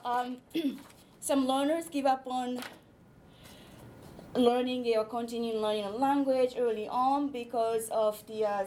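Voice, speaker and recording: A woman linguist giving an academic presentation, explaining her slides step by step with frequent pauses and hesitations. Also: on the high side, darkish tone, slight background noise, low-quality recording.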